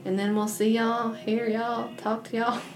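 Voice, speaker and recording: Teasing, animated woman podcast host. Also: a little high, unhurried, music in the background. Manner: animated, teasing, laughs often. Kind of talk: casual chat.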